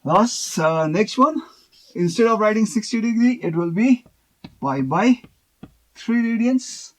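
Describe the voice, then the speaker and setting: High-voiced man teaching math. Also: expressive, unhurried. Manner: explanatory, checks in with "okay" often. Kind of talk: video math lesson.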